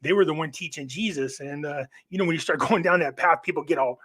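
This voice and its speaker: A man's voice: a little high, quick pace, fairly bright tone, slightly rough. A man who is a guest on a live online show, telling long stories in a rambling way and often restarting his sentences. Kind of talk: casual chat.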